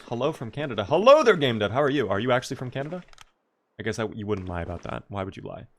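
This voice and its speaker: A man's voice: on the low side, expressive, racing, a little hiss or hum. A man from the US East Coast streaming a game live, casually chatting and answering viewers' questions. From Maryland, US East Coast. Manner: chatty, answers chat questions while playing.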